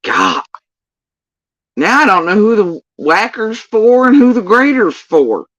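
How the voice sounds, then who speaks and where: A woman's voice: mid-range voice, very animated, takes it slowly, dry recording, rough recording. A woman hosting a livestream, ranting in casual, sarcastic and profane reaction commentary. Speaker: livestream host.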